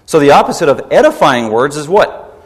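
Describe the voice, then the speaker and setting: A middle-aged man preaching a sermon as pastor, animated and rising into emphatic peaks. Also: fairly high pitch, a little fast. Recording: long hall reverb.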